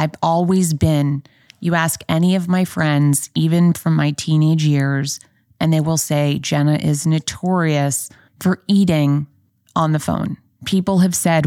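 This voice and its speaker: Woman podcast host, young adult, chatty and candid, lowish voice, dry close sound. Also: darkish tone, no echo. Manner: chatty, candid storytelling with playful asides. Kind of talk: casual solo podcast chat.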